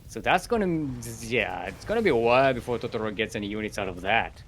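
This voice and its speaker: A man's voice: on the low side, expressive, fast talker, slight background noise. A man casting a live esports match as play-by-play commentator, playful and giggly, joking between calls. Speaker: esports caster.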